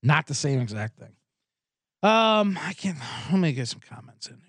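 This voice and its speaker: A man's voice: on the high side, big pitch swings, normal speed, a bit bright, no room sound. A man hosting a sports betting podcast, ranting sarcastically with plenty of profanity. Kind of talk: comedic sports rant.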